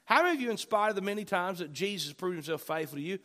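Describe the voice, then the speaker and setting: High-voiced man preaching fervently. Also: expressive, very fast. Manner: fervent preaching, swings from loud bursts to soft asides. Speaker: pastor. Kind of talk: sermon.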